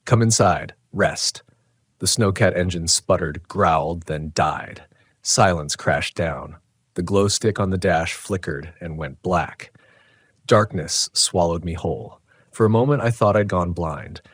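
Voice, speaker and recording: A man telling a first-person horror story in a tense, dramatic, measured way. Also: low voice, a bit bright, husky, dry recording, studio quality. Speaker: narrator.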